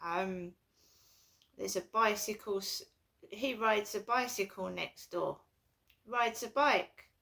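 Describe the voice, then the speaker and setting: Woman vlogger, gravelly edge, bright tone, anxious rambling delivery. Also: mid-range voice, takes it slowly, long pauses. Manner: anxious, rambling, repetitive complaints. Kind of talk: casual personal vlog.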